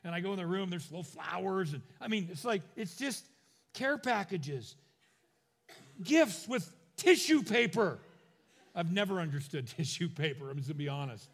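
A man's voice: high voice, expressive, moderate pace, slightly rough, long reverb tail. A middle-aged man preaching a sermon, telling stories with humorous asides and acting out the quoted lines. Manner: acts out quoted lines in voices. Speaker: pastor.

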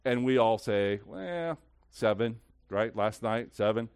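A man preaching a sermon as pastor, swinging between loud, lively stretches and hushed, slow ones. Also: fairly low pitch, smooth, no echo.

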